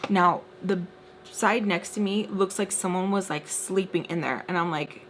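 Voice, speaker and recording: A young woman telling a casual storytime while doing her makeup, chatty and full of "like," sometimes dropping into hushed asides. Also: medium pitch, fairly quick, slight background noise. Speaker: storytime vlogger.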